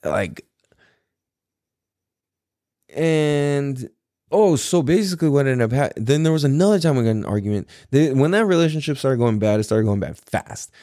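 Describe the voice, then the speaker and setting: A man hosting a podcast, telling a personal story in a rambling, profane way and acting out quotes with sudden high pitch jumps. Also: animated, normal speed, pauses often, dark tone, no echo, clean studio sound. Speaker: podcast host. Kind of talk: casual storytelling monologue.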